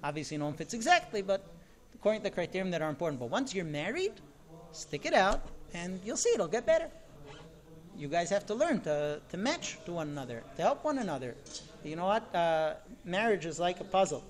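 A man's voice: sits high, sing-song, a little fast. A man, a rabbi, gives a sermon on marriage, talking emphatically with rhetorical questions.

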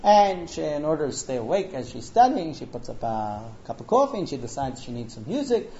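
A man teaches a class, telling a story in a lively, conversational way. His voice is mellow and swings widely in pitch, on a dull, lo-fi recording. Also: a little fast, slight background noise. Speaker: Talmud teacher. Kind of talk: storytelling lecture.

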